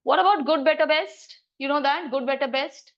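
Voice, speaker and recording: A woman teaching a grammar lesson in a classroom, brisk and coaxing as she quizzes students. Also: sits high, highs cut off.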